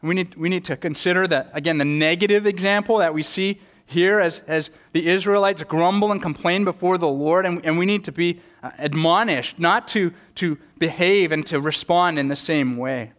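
A man's voice: a little high, moderate pace, hardly any pauses, fairly bright tone. A man preaching a sermon, earnest, often repeating words as he starts a thought. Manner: earnest, stammering repetitions, voices quoted speakers. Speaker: pastor.

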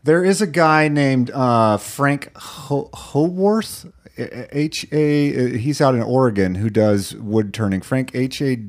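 A man's voice: mid-range voice, takes it slowly. Rambling self-deprecating man on a podcast. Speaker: podcast co-host. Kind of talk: casual chat.

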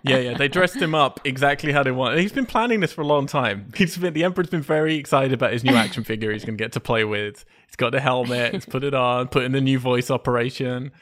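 A man's voice: mid-range voice, fast talker, hardly any pauses, fairly bright tone. Sardonic, exasperated man in casual chat. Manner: exasperated, sardonic, swears for emphasis. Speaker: podcast co-host.

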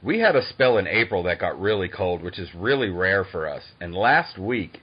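A man in his thirties from Boston hosting a podcast, talking in an eager, excitable, fan-like way. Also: low voice, normal speed, husky, lo-fi sound. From Boston, Massachusetts. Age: 30s. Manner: eager, excitable, self-described dork. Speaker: podcast host. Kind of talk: casual interview chat.

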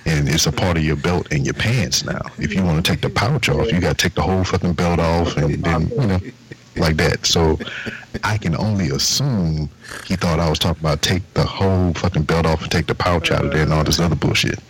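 A man's voice: a bass voice, a little fast, low-quality recording. A man casually telling a story from work, swearing freely and acting out what each person said. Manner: laid-back, profane, acts out the exchange in quotes.

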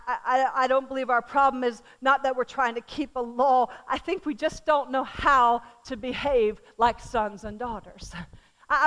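A middle-aged woman preaching a sermon, swinging from loud calls to the crowd down to soft, hushed words. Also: sits high. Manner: animated, shifting from loud calls to soft near-whispers.

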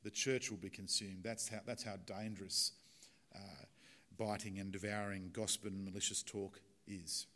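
A man's voice: fairly low pitch, little pitch movement, normal speed. A man preaching a chatty sermon in a casual, talkative manner, with fillers, then leading a prayer. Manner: chatty and warm-hearted, with fillers and small laughs. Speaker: pastor.

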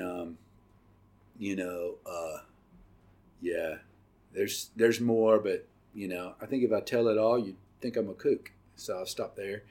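A middle-aged man hosting a podcast and telling his personal testimony, earnest and halting, with many pauses and fillers. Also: medium pitch, darkish tone. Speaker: podcast host.

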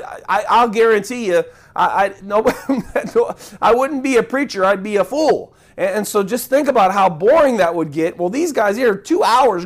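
This sermon comes from a male pastor whose delivery is animated and conversational, full of acted-out crowd voices and chants. He keeps starting over and dropping asides to the congregation, speaking high and at ordinary speed.

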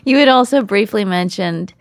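A woman's voice: mid-range voice, normal speed. Laughing woman reading listener emails. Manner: reads emails aloud with laughing asides. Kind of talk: casual podcast banter.

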